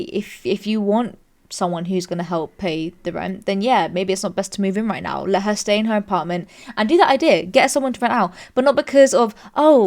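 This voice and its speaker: Young British woman streamer, casual chatty read-and-react delivery, lively pitch jumps. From Britain. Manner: chatty, animated, jumps into high squeals when amused. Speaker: streamer reading and judging online stories. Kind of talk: casual commentary reading posts aloud.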